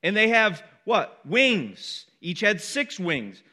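A man's voice: sits high, sing-song, takes it slowly, sharp tone. A middle-aged man preaching a sermon, emphatic and conversational, repeating key words with rising force and checking in with his listeners. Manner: conversational asides to the congregation. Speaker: pastor.

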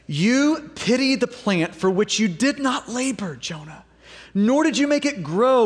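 A man preaches with lively, theatrical energy, slipping into the voices of the story's characters. His voice sits high for a man. It rings out with the long echo of a large sanctuary. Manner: animated, acts out quoted voices. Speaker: pastor. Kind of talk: sermon. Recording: long reverb of a large hall.

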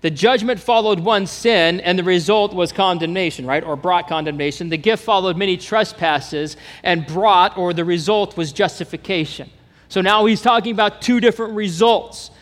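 Preaching as pastor, this man from Kansas speaks in his home accent with lively energy, quizzing the congregation as he goes. He pitches high, keeps a moderate pace, and the room leaves a long, lingering echo.

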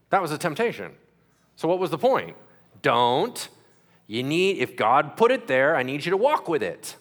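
A man preaching a sermon as pastor, asking the crowd questions and acting out quick voices. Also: on the high side, very animated, fairly bright tone.

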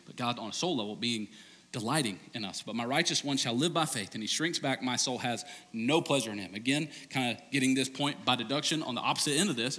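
A man preaching a sermon as pastor, telling stories in a loose, conversational way and dropping to a hush for key points. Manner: conversational storytelling, animated, ends low and hushed. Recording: long reverb of a large hall.

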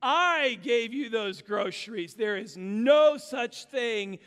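A man voicing a grumpy atheist neighbor who yells and mocks, inside a sermon joke. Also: very high voice, lively intonation, slow, clear, resonant tone, pitched above the performer's own voice, full character voice. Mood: gloating. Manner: loud, mocking, yelling. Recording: echoey church hall.

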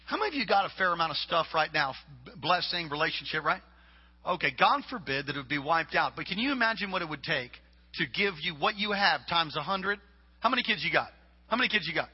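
A man preaching a sermon, reading scripture and building to loud shouted points. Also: a little high, expressive, quick pace, slightly rough. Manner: preaching with rising shouts and acted-out quotes. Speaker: pastor. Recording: echoey hall, dull lo-fi sound.

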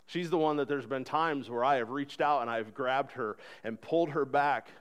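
A man in his thirties preaching a sermon, earnest and conversational, acting out voices in the stories he tells. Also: mid-range voice. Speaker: pastor.

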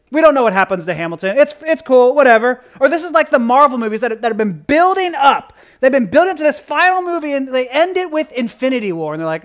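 A pastor giving a casual, joking sermon, moving from quiet asides to loud outbursts. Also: sits high.

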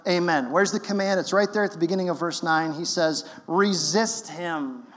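A high-pitched male pastor delivering a sermon in an emphatic, conversational way. His voice carries a long reverb from a large church hall. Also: fairly even intonation, quick pace, fairly bright tone.

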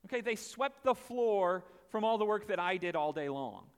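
A man voicing an indignant day laborer who exclaims in disbelief, his voice jumping high. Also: lively intonation, normal speed, clear, resonant tone, big-room sound. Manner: exclaiming, incredulous, voice leaping high. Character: indignant day laborer, adult man, greedy then outraged.

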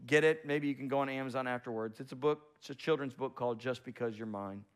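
A man's voice: medium pitch, fast talker, few pauses, smooth. A man preaching a sermon as pastor, driving his points home with repetition and rhetorical questions.

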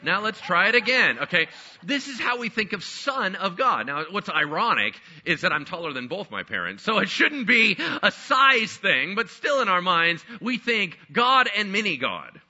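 A man preaching a sermon as pastor, animated and acting out skeptical listeners in quick asides. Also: high-pitched, muffled recording.

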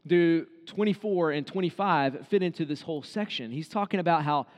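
Male pastor, high voice, conversational sermon in a church with long reverb. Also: a little fast. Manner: conversational preaching, acts out quoted inner voices.

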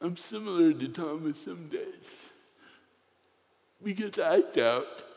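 A man's voice: on the high side, animated, slow pace, gravelly, a little mellow. A man preaching a sermon, telling a personal story with playful humor before turning to scripture. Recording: long reverb of a large hall.

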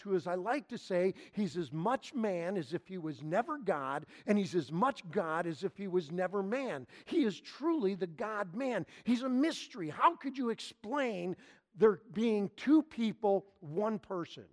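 A male pastor preaching a sermon, emphatic and repetitive, leaning hard on key phrases with slow stress. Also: sits high, animated.

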